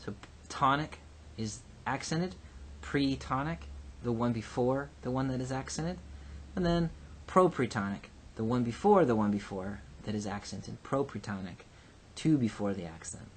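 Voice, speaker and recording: A man teaching a recorded Hebrew grammar lesson. He explains patiently and slowly, with frequent ums and uhs. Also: mid-range voice, slight background noise. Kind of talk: recorded lecture.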